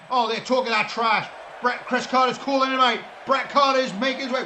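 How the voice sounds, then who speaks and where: Excitable wrestling commentator, high voice. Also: male voice, brisk, hardly any pauses, a little hiss or hum. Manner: shouts and swears in excitement, laughs through calls. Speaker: play-by-play commentator. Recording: roomy sound with loud music behind.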